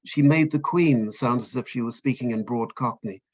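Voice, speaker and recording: A man's voice: medium pitch, moderate pace, muffled recording. Hesitant older man from Fiji. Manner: hesitant, self-deprecating, many ums and restarts. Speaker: author guest. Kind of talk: conversational interview.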